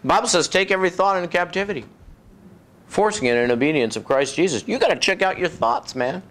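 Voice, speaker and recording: A male preacher delivers a folksy, conversational sermon in a somewhat high voice. He acts out the voices of demons and doubters, sinking into a low, soft tone for effect. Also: expressive, quick pace.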